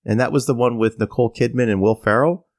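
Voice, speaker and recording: Speaking fast at a medium pitch, a middle-aged man co-hosting a podcast launches into a lengthy comic tale. He is animated throughout this casual storytelling rant, mimicking the people he quotes with over-the-top voices.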